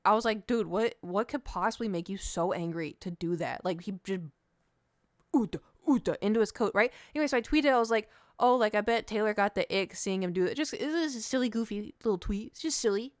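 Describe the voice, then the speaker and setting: This woman streamer speaks at a medium pitch and talks fast with few pauses, chatting casually and animatedly as she hops from one story to the next. The sound is studio quality with no room sound.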